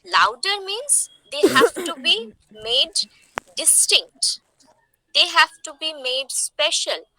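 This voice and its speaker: A woman's voice: very high-pitched, expressive, takes it slowly, gravelly, bright, forceful tone, poor audio. A woman teacher, giving an online lecture with an explanatory manner, often asking the class questions and coughing.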